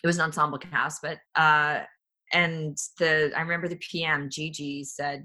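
Bright-voiced woman in her forties. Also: sits low, brisk. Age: 40s. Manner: animated, restarts often, acts out quoted people. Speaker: actress guest. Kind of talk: candid conversational storytelling.

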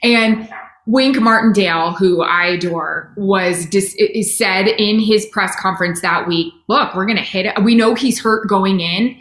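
Middle-aged woman, sideline reporter, animated casual interviewee, quick restarts, roomy echo. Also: mid-range voice. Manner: animated, self-deprecating, quick bursts with restarts.

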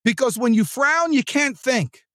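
An animated male podcast host whose pitch leaps and dips as he delivers an upbeat, jokey sales pep talk. His voice is dry and close, with no room sound behind him. He pushes hard on his big points and tosses off quick comic asides. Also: dry recording. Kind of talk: motivational podcast monologue.

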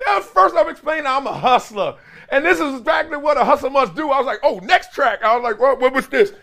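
A man hosting a show, telling football stories in a casual, animated way, laughing often and acting out other people's lines in a raised voice. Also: very high voice, quick pace, creaky. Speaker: former NFL player and podcast host. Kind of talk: casual storytelling chat.

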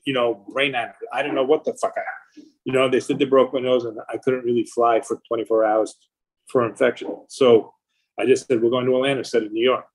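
A middle-aged man with a husky, mid-pitched voice spins long stories about his career in a casual interview. He swears freely and keeps talking in an animated, rambling way. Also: a little fast, low-quality recording. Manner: profane, animated anecdotes. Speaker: record label founder.

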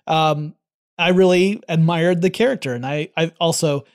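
A man's voice: on the high side, fairly even intonation, normal speed, smooth. A man co-hosting a podcast, chatting casually and enthusiastically, with plenty of fillers. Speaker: podcast co-host. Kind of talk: casual chat.

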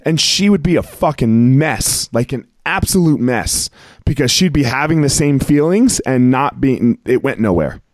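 Male host, excitable storyteller, rambling with many fillers, dry close sound. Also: medium pitch, moderate pace, no echo. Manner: rambling, heavy on filler words and restarts; excitable, emphatic. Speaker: podcast host. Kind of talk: casual storytelling chat.

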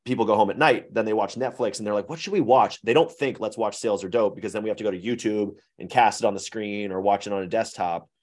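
A man's voice: on the low side, steady tone, fast, few pauses. A man guesting on a podcast, explaining candidly and at length in a rambling, self-correcting way. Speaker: guest, web series creator. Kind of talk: casual podcast conversation.

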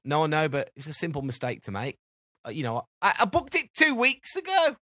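A man's voice: fairly high pitch, huge pitch swings, a little fast, pushed and bright, no room sound. A British man co-hosting a podcast, rambling through everyday anecdotes in casual chat and acting out the dialogue. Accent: British English. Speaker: podcast co-host.

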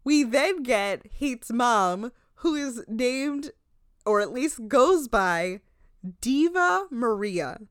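A young woman with a New Jersey accent who recaps in animated, profane casual chat. Her voice is smooth and clean, recorded dry and close. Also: on the high side, extremely slow, no echo. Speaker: podcast host.

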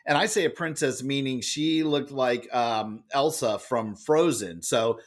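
A man telling a story as a podcast guest, with a loud and lively manner. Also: medium pitch, measured pace. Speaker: guest, author and speaker. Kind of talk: animated storytelling in a podcast interview.

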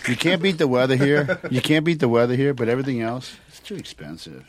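A man's voice: medium pitch, animated, fast talker, heavy background noise. A middle-aged man from Louisiana with a Cajun accent, a restaurant owner telling his story in casual chat and answering in short repeated yeses.

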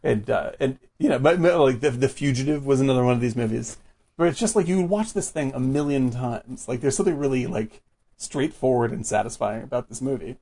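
A man's voice: mid-range voice, brisk, warm tone, slightly rough. A man in casual movie chat, rambling and enthusiastic with lots of fillers.

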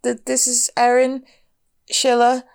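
A woman's voice: on the high side, completely flat delivery, takes it slowly, creaky, a little mellow, smooth. A woman from Britain playing a tabletop game, chatty and prone to laughter. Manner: chatty, giggly. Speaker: player.

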